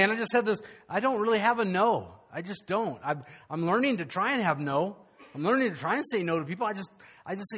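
A male pastor, preaching a conversational, animated sermon with frequent restarts. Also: high voice, fairly quick.

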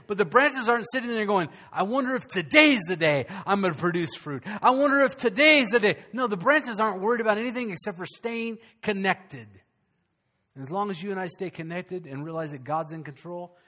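A man, a pastor, preaching to his congregation in a conversational way, with humor and dramatic pauses. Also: sits high, bright, forceful tone. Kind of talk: sermon. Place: church sanctuary before a congregation.

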